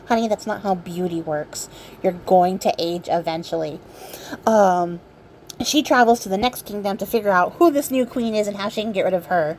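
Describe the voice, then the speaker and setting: A woman vlogger casually retelling a fairy tale, sarcastic and irreverent, swearing freely and filling pauses with ums. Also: mid-range voice, dark tone, slight background noise. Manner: chatty, many ums and likes. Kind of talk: casual storytelling while crafting.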